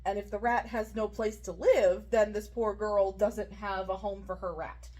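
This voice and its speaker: A woman co-hosting a podcast, chatting casually, animated and quick to laugh. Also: mid-range voice, slight background noise. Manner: animated, laughs often, thinks out loud. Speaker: podcast co-host. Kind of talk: casual chat.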